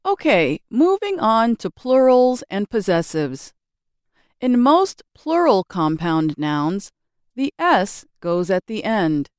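A woman reading a scripted English grammar lesson with slow, careful, clearly enunciated delivery. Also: medium pitch, sing-song, darkish tone, no echo, studio quality. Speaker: English teacher.

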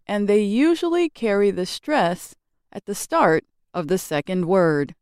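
A woman teaches an English grammar lesson in a slow, unhurried read. Her voice is smooth and resonant, and her intonation rises and falls a lot. The recording is dry and close. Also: mid-range voice, no echo. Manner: slow, careful, clearly enunciated teaching delivery. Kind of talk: scripted narration of a grammar lesson.

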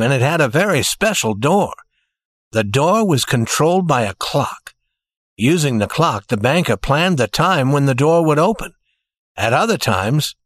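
Guy reading a story out loud, bouncy pitch, dry close mic. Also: no echo. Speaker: narrator. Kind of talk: scripted story narration.

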